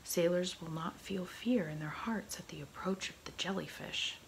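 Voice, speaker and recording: A woman's voice: fairly low pitch, moderate pace, creaky, a little hiss or hum, low-quality recording. A woman whispering a vain, short-tempered male pirate captain in a whispered role-play. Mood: gruff.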